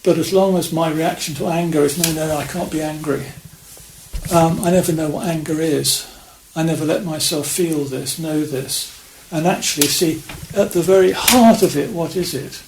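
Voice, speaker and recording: Man, Zen priest, Dharma talk, halting and reflective, gravelly voice, echoey hall. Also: on the high side. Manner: halting, many restarts and fillers, reflective. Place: meditation hall of a priory. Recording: echoey room with faint hiss.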